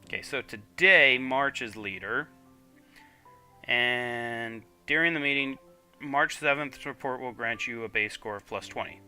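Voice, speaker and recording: A man's voice: medium pitch, a little slow, bright, forceful tone, smooth, faint music behind. A man streaming a video game, chatting casually and reading on-screen text aloud with frequent fillers. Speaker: gaming streamer.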